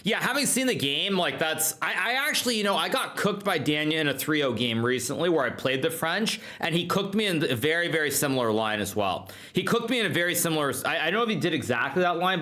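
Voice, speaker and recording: Man, streamer reaction chat, bright tone, lively swooping pitch, excitable, self-repeating. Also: fast talker, hardly any pauses. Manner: excitable, repeats himself, stumbling restarts. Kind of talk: casual chat.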